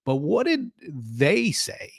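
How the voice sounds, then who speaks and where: A man co-hosting a podcast, calmly explaining ideas in casual chat with fillers. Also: fairly high pitch, slow, creaky, dry recording, studio quality. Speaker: podcast co-host, sales consultant.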